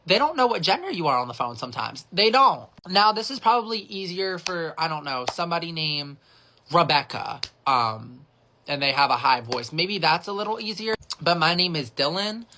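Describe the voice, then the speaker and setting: A man who works in phone customer service tells a casual storytime with a sassy, chatty manner and a voice higher than most men's. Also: animated, normal speed, bright, forceful tone, a little hiss or hum. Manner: chatty and sassy, fills with 'like'.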